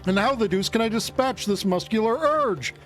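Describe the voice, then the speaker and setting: A man voicing a pompous, excitable gentleman detective with old-fashioned, theatrical phrasing. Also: high voice, moderate pace, soft background music. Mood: blustering.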